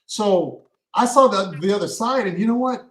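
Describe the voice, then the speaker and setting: High-voiced man explaining acting. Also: normal speed, fairly bright tone, poor audio. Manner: explains at length with many restarts. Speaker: podcast co-host and actor. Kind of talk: casual chat.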